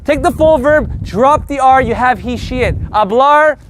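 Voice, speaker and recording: A man teaching a live group Spanish lesson in an energetic, joking, profane way. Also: very high-pitched, measured pace, a little hiss or hum.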